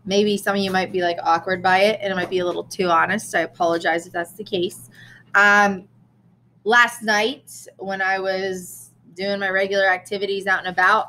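A woman's voice: mid-range voice, bright, forceful tone, slight background noise, low-quality recording. A woman teacher giving a recorded lesson in a casual way, with frequent ums and restarts and an occasional cough. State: coughing now and then.

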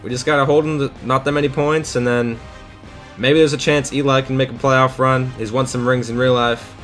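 A young man commentates his own football game in a loose, casual way, cursing at bad plays. His voice sits at a middle pitch and jumps to loud shouts when the action turns. Faint game music plays under him. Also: little pitch movement, fairly quick. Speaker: gaming YouTuber. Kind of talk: live gameplay commentary.

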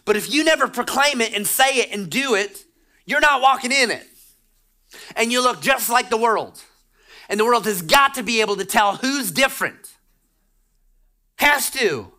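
Preaching with urgent, emphatic exhortation, a middle-aged pastor drives each point home in a bright, forceful voice. He sounds very high-pitched and animated, keeps a moderate pace, and pauses often.

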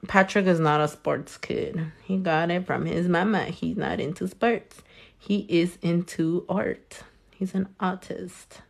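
A woman's voice: lowish voice, unhurried, gravelly. Blunt, foul-mouthed woman chatting. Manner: blunt, swears freely. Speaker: parent. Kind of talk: casual chat. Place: nail salon.

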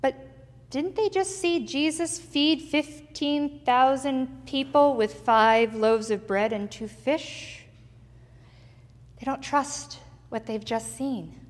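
High-voiced woman preaching in a reverberant church. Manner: dramatic storytelling with pauses. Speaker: pastor. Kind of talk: sermon. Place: church sanctuary.

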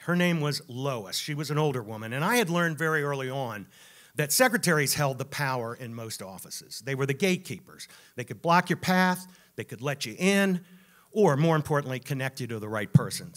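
A man telling a true story live on a club stage, animated and wry, building to punchlines. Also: medium pitch.

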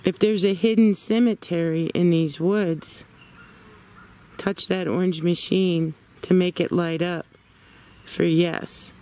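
A woman's voice: lowish voice, fairly even intonation, takes it slowly, dark tone. A woman ghost-hunting in a wooded cemetery, coaxing spirits with short questions on her camera. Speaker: paranormal investigator. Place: cemetery in the woods, outdoors. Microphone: handheld camera mic. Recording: noisy outdoor camera recording. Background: crickets and insects.

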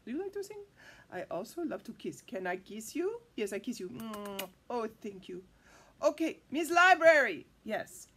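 A bouncy, excitable male bookworm puppet, put on by a woman, for a children's storytime show. His voice is high and bright, and it swoops up and down in a loud, sing-song way. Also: normal speed, breathy edge, heavily acted. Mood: excited.

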